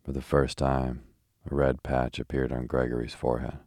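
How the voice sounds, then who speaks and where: A man reading a classic novel aloud in a slow, even, rhythmic bedtime style. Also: a bass voice, dry recording, clean studio sound. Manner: even, measured delivery. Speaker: audiobook narrator.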